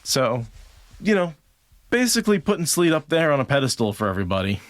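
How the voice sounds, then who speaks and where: A man's voice: mid-range voice, very animated, fairly quick, no echo. A man co-hosting a book podcast, chatting playfully and laughing often, then reading passages aloud from a novel. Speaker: podcast co-host.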